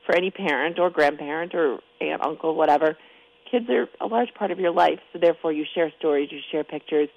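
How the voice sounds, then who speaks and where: A woman's voice: sits low, fairly quick, narrow, tinny audio. A woman guest on a radio talk show, losing her voice and a little crackly, explaining things chattily in long run-on stretches. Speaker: newspaper columnist guest. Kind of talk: casual radio chat.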